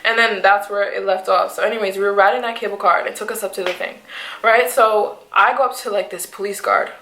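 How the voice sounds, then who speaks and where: A woman's voice: mid-range voice, fairly quick, roomy sound, rough recording. A young woman from the United States telling a rambling storytime vlog, full of fillers and quoted asides. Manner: animated, rambling retelling with many fillers and acted quotes. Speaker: vlogger.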